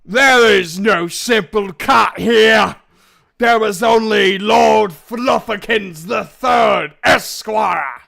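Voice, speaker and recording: A man's voice: high voice, drawn-out words, vocal fry, voice pushed up, exaggerated voice. A man doing a roaring, haughty big cat creature. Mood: indignant. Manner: roaring shout.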